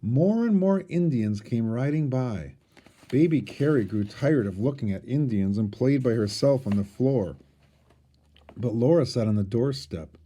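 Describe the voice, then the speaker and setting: A man, a teacher, reading a storybook aloud with expressive storytelling. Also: mid-range voice, a little slow.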